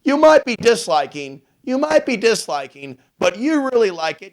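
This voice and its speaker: A man's voice: sits high, big pitch swings, normal speed, few pauses. A man hosting a morning show in a rambling, profane, brash casual monologue. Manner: brash, profane, jumps between topics. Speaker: host.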